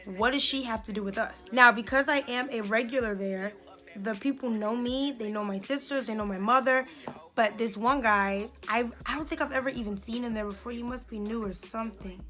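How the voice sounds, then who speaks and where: A young woman in her twenties, a beauty vlogger telling an indignant, animated story while doing her makeup. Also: fairly high pitch, normal speed, soft background music.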